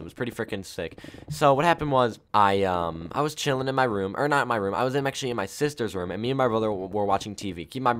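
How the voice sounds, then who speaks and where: A man's voice: on the low side, a bit bright, slight background noise. A young man casually telling a personal story while playing a game, rambling with many fillers and self-corrections. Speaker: gaming YouTuber.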